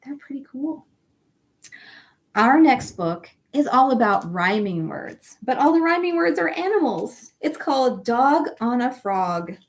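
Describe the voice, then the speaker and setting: A woman's voice: fairly high pitch, measured pace, few pauses. A woman, a children's librarian, reading a picture book aloud at a library storytime and asking the children questions. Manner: animated, asks children questions.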